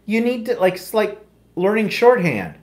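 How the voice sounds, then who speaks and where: A man's voice: sits high, sing-song, normal speed. A middle-aged man with an Ontario Canadian accent, co-hosting a casual live chat in a wry, self-deprecating way. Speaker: co-host.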